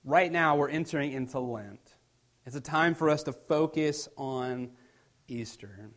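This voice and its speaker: A man's voice: mid-range voice, unhurried, a bit bright. A man preaching a sermon as pastor, reading scripture aloud with rising emphasis and explaining it in a conversational tone.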